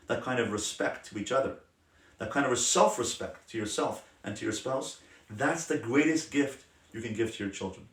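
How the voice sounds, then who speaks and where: Rabbi guy teaching a class, passionate then soft, sounds far off in an echoey room. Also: mid-range voice, moderate pace. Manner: passionate, emphatic, drops to soft gentle tones. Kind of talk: Torah class on parenting. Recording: roomy sound from a distant mic.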